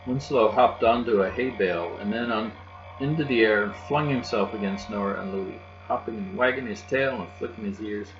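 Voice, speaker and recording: A man reading a children's novel aloud in a steady, gentle narration. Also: fairly low pitch, normal speed. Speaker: audiobook narrator. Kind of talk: children's book read aloud. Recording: dull lo-fi with faint music and hum.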